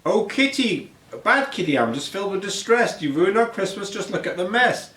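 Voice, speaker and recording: A man putting on a dismayed child's voice, pitched well above his own as he scolds a naughty pet cat. It sounds like a storybook read aloud in a roomy, echoing space. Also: lively intonation, normal speed, a bit bright, far from the mic. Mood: distressed. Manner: raised, pleading child's voice. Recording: roomy echo.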